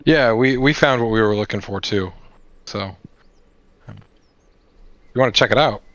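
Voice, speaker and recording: A man's voice: lowish voice, normal speed, a bit bright, no room sound, lo-fi sound. A man playing a tabletop game, chatting casually and thinking aloud with fillers. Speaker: player.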